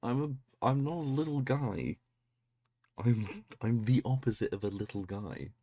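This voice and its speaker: A man's voice: lowish voice, lively intonation, moderate pace, dark tone. A man chatting casually on a livestream, swearing freely and making self-deprecating asides. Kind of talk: casual livestream reaction chat.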